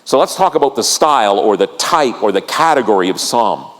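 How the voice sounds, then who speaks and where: A man's voice: lowish voice, animated, fairly quick. A man preaching a sermon as pastor, earnest and repetitive, asking the congregation questions and stressing key lines. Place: church sanctuary. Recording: church hall reverb.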